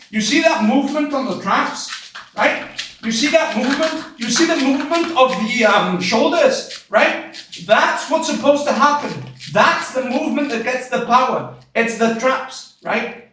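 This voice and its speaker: A man streaming casual reaction commentary, excitable and blunt, repeating himself and swearing as he explains technique. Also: very high-pitched, very echoey, far from the mic, slight background noise.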